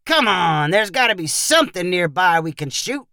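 A man's voice: high-pitched, very animated, normal speed, bright, forceful tone, dry recording, studio quality, full character voice. A man reading the part of a rowdy, pushy young visitor who talks in a demanding, mocking way.

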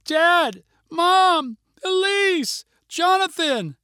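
A terrified young girl cries out on a mountainside, her voice jumping up high and breaking into desperate shouts. A man acts her out in a storybook reading. The sound is dry and close. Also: expressive, extremely slow, no echo, exaggerated voice. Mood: frantic. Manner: frantic, high-pitched yelling.

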